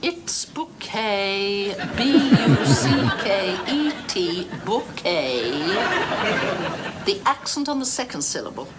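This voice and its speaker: An actress playing a snobbish, pompous middle-aged housewife with prim, affected diction, from a sitcom clip. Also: female voice, mid-range voice, big pitch swings, takes it slowly. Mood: haughty. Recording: TV sitcom clip with loud noise and laugh track.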